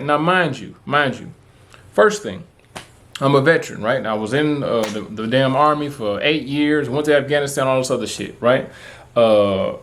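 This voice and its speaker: A man, talking to camera in a casual, rambling, profane way, full of fillers. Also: medium pitch. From Texas. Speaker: vlogger. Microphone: camera mic, talking to camera.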